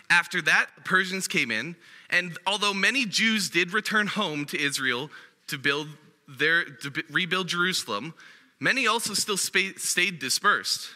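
Animated young-sounding male preacher, bright voice. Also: on the high side, long reverb tail. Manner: conversational, animated preaching with casual fillers. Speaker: guest preacher. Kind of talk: sermon. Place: church hall.

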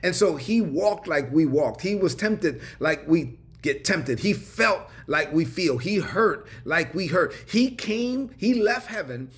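A male pastor in the middle of a livestreamed sermon. He preaches with fervent repetition and call-and-response urging. His voice sits a touch high for a man. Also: animated, a little slow, few pauses, a bit bright.

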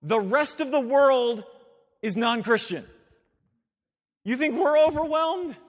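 A man's voice: very high-pitched, expressive, slow pace, big-room sound. A man preaching a sermon to his church, emphatic with conversational asides. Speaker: pastor. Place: church sanctuary.

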